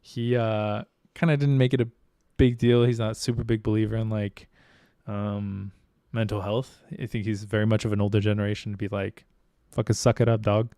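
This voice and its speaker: Male podcast host, smooth voice, dry close mic, candid and profane. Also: lowish voice, little pitch movement, normal speed, dark tone, no room sound. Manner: candid, swears freely, reflective. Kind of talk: casual chat.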